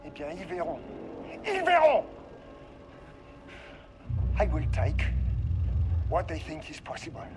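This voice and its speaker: A man's voice: fairly high pitch, huge pitch swings, a little slow, pauses often. An actor with a French accent playing a bitter, arrogant male scientist who runs a lab in a video game. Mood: scheming. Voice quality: resentful, scornful, swings between muttering and shouting. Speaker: game character. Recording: game audio with loud music behind.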